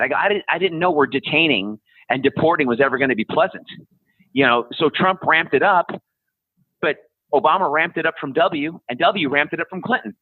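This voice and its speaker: A blunt man in his fifties rants through a tinny, phone-like line, his voice dry and close. He talks in a fairly high, husky register, profane and sarcastic. He mocks people as he goes. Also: no echo. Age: 50s. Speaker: podcast guest. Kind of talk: ranting casual conversation.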